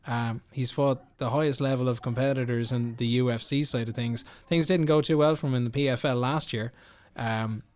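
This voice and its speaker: A man hosts a sports podcast in a relaxed, talkative way. His voice sits at an everyday middle pitch, and his long questions are filled with ums and uhs. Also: normal speed. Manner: chatty, rambling, many fillers. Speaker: podcast host. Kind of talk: casual interview chat.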